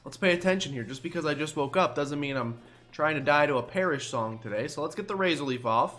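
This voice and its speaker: A man's voice: fairly high pitch, expressive, quick pace, a bit bright, faint music behind. Groggy, chatty young man at play. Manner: rambling, self-deprecating, chatty. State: groggy, just woke up. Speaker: let's play host. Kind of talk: casual gameplay commentary.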